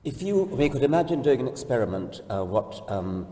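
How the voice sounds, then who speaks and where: A man speaking on stage in a public discussion, explaining ideas in a measured, precise way. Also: mid-range voice, big pitch swings, warm tone. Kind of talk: thoughtful onstage discussion. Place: large hall, in front of an audience. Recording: roomy hall, distant mic.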